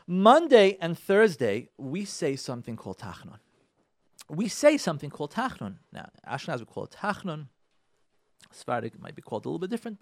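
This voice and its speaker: A middle-aged man gives an inspirational religious talk as a radio host. He is emphatic, repeats his points and speaks directly to his listeners, and his pitch swings widely. The sound is dry and close. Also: fairly bright tone, no echo.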